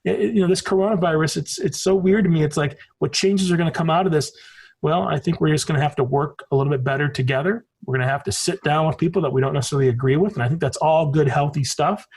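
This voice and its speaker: A husky man in his forties from the United States talks as a podcast guest, his voice sitting high for a man. He tells stories in a loose, rambling way, leaning hard on his points and swearing casually. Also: fast talker, a little mellow. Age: 40s. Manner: rambling, emphatic storytelling with frequent swearing. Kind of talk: casual conversation.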